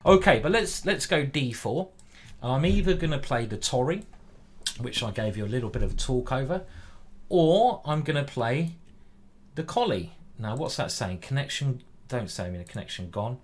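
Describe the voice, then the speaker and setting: English male streamer, relaxed running commentary on his moves, talks straight to chat. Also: medium pitch, normal speed, slightly rough. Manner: chatty, reads viewer chat aloud. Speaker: chess streamer. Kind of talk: live-stream commentary while playing.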